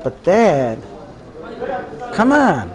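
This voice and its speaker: A man's voice: on the high side, wildly swooping pitch, extremely slow, darkish tone, full character voice, rough recording. A man voicing a whiny teenage boy begging his father in a story. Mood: pleading. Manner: whiny pleading. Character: pleading teenage boy wanting the car.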